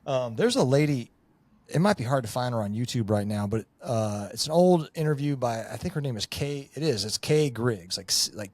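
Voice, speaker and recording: A middle-aged former Marine Raider, a podcast guest, talks in a relaxed conversation, rambling and swearing with lots of fillers like "you know" and "like." His pitch is medium, and the recording is dry with no room sound.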